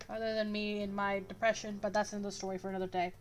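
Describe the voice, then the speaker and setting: A woman's voice: mid-range voice, flat delivery, very fast, slight background noise. A young woman chatting casually to herself and her viewers while drawing live, rambling and joking as she greets chat. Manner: rambling, self-talking, jokey, greets chat. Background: faint background music.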